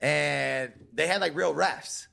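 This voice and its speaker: A man's voice: a little high, takes it slowly, creaky, pushed and bright. A man, a fighter, telling casual stories as a guest, loose and full of fillers, laughing as he goes. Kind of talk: casual storytelling.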